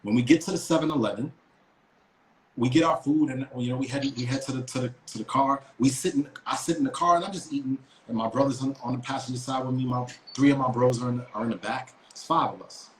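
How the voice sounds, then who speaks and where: A man's voice: mid-range voice, fast. A man tells a story on a podcast, blunt and profane, stumbling and restarting his sentences as he goes. His voice sits in a middling register. The sound echoes around the room, with faint noise underneath. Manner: profane, emphatic, with many restarts. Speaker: podcast co-host. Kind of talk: casual storytelling. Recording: roomy echo.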